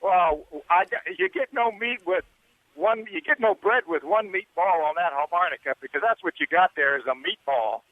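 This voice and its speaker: High-voiced joking male caller, heard over a thin phone line. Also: animated, normal speed, dry recording. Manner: joking, laughing, loose. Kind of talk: call-in on a radio show.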